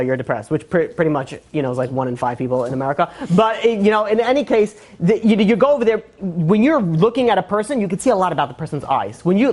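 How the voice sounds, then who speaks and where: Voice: medium pitch, darkish tone. A religious teacher giving a casual Torah lesson, rambling with many fillers and joking asides.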